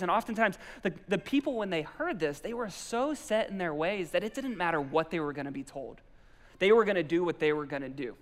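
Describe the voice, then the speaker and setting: A man preaching a sermon, telling stories and acting out his own outbursts in an animated way. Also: sits high, big-room sound. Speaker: pastor.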